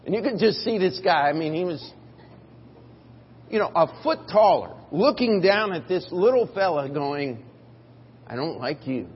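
A man preaching a sermon in a church, telling a story and moving between quiet, drawn-out phrases and loud, emphatic bursts. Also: high-pitched, animated, slightly rough. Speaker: pastor. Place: church sanctuary. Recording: dull audio in a reverberant hall.

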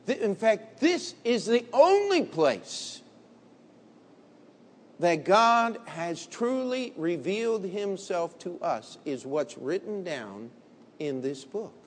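A man preaching a sermon in a blunt, combative way, dropping to low murmurs and rising to loud emphatic bursts. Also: big pitch swings, takes it slowly. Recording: long hall reverb.

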